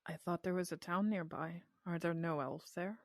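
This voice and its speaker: A polite young male elf from a tabletop game, gentle and formal, pausing as he picks his words. A woman plays him in a low-ish, plain voice. The sound is dry and close. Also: steady tone, dry recording, lightly acted. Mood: curious.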